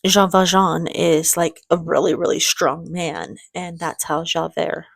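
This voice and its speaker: Woman doing a reaction vid, rambly and emotional, kinda low voice, dry close sound. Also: steady tone, measured pace, gravelly, no echo. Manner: chatty and rambling, laughs easily. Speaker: reaction video host. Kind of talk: casual reaction chat.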